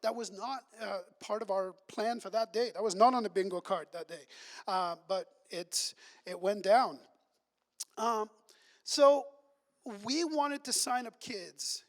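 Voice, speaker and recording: High-voiced man telling camp stories. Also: a little slow, in a large hall. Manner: chatty, acts out quoted voices. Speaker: camp executive director. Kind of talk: storytelling ministry update. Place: church hall.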